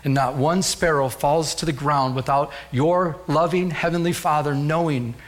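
A man's voice: on the high side, steady tone, moderate pace. A middle-aged man preaching a sermon as pastor, telling a personal story and rising to fervent calls to the congregation.

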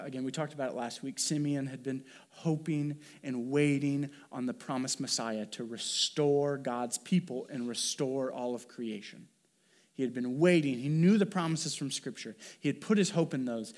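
A male pastor with a somewhat high voice preaches in a loose, conversational way. He thinks aloud, circles back and adds asides as he goes. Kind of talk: conversational sermon.

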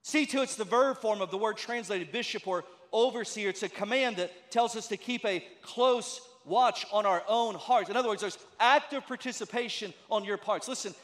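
A man's voice: sits high, fairly bright tone. A man preaching a sermon as a pastor, conversational and emphatic, with many rhetorical questions. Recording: long reverb of a large hall.

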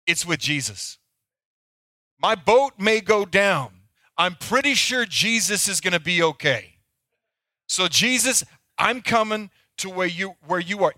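A male pastor preaching a sermon, moving between loud acted pleas and near-whispers. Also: sits high, no echo, studio quality.

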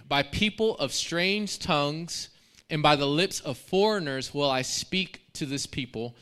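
A man preaching a sermon, reading scripture aloud and adding lively asides and prompts to the congregation. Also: fairly high pitch, moderate pace. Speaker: pastor.

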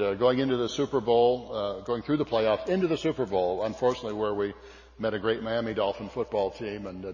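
A man's voice: fairly low pitch, a little mellow. An older man from California telling a folksy, self-deprecating story to an audience, with frequent fillers and restarts. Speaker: speaker. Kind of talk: storytelling speech. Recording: dull sound with long hall reverb.

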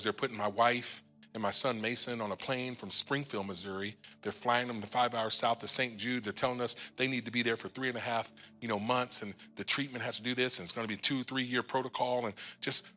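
A man in his forties giving a personal testimony from a church stage. He tells the story by acting out the dialogue, and his voice drops quiet at the hardest moments. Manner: storytelling, acting out his own lines and others' in the retelling; voice sinks quiet and low at emotional moments. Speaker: guest minister.

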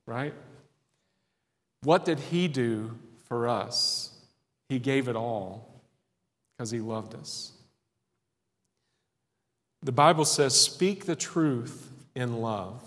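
A man preaching a sermon in an earnest, folksy way, with pauses between phrases and laughs at himself. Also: mid-range voice. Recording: long reverb of a hall.

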